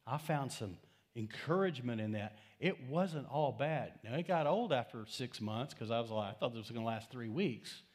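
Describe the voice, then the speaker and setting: A pastor delivers a sermon in a church sanctuary, his voice sitting at an ordinary middle pitch for a man. He preaches in a relaxed, conversational manner, telling stories and tossing questions out to the congregation. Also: normal speed. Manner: conversational, animated storytelling with asides to the congregation.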